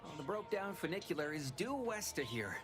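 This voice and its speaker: A man's voice: fairly high pitch, sing-song, fairly quick, over music. An actor playing a scheming, talkative corporate underling with folksy salesman patter in a video game. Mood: wheedling.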